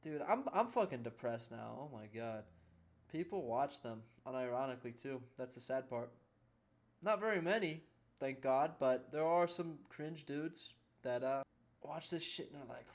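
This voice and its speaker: Crude, deadpan man, mid voice. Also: mid-range voice, unhurried. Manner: crude, deadpan mock advice. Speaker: co-host. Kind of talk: casual reaction commentary.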